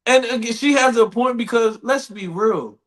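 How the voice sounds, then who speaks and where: A man hosting a podcast, telling stories in loud, profane, laughing banter. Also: very high voice, moderate pace. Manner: animated, profane, laughing storyteller. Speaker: podcast host.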